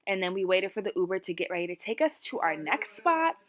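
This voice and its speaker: A woman's voice: medium pitch, big pitch swings, brisk, a bit bright. A young woman talking casually in a travel vlog, enthusiastic as she recommends places to eat and things to do. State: out of breath. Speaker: travel vlogger.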